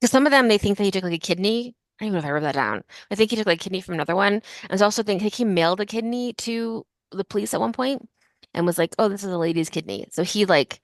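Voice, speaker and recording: A woman's voice: mid-range voice, fast talker, no room sound, clean studio sound. A woman hosting a casual history podcast, telling a story in a chatty way full of fillers like "like" and "um". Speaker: podcast host.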